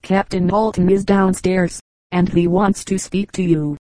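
A woman's voice: on the low side, level tone, a little slow, warm tone, no room sound, natural voice. A woman voicing a curious, eager ten-year-old boy who talks bluntly.

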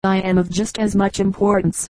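A woman's voice: mid-range voice, flat delivery, normal speed, a little mellow, no echo, natural voice. A woman voicing a proud, boastful male rat in a storybook fable. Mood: scornful boast. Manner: scornful, boastful.

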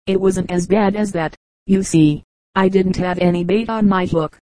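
A woman's voice: medium pitch, steady tone, moderate pace, warm tone, no room sound, natural voice, low-quality recording. A woman voicing a grumbling middle-aged male fisherman who complains of his companions. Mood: sheepish. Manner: complaining, aggrieved.

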